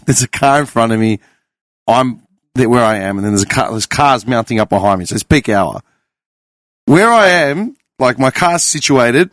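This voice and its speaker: A man's voice: mid-range voice, a bit bright, dry recording, clean studio sound. An Australian man on a podcast panel, telling a story and acting out both sides of a row, swearing freely. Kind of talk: casual chat.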